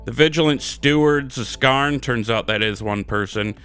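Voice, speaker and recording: A man's voice: mid-range voice, normal speed, fairly bright tone, smooth, faint music behind. A man co-hosting a gaming podcast, rambling through a joking, profane recap in casual chat. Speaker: podcast co-host.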